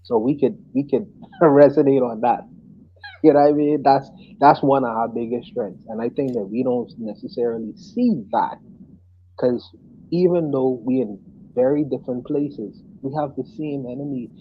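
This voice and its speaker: A man from the Bahamas, calmly explaining his view in a radio debate. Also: mid-range voice, lo-fi sound, slight background noise. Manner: measured, repetitive restarts, explanatory. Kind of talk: heated debate.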